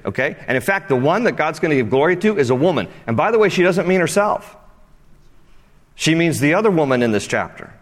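A man's voice: a little high, very animated. Man preaching in a reverberant hall. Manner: conversational, reads scripture slowly, acts out quotes. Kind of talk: sermon with Bible reading.

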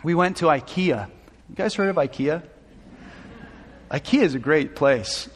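A man's voice: on the high side, animated, a little slow. A man preaching as a pastor, telling a personal story with emotion, restarting phrases as his intensity builds. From Southern California. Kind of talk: sermon storytelling. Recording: long hall reverb.

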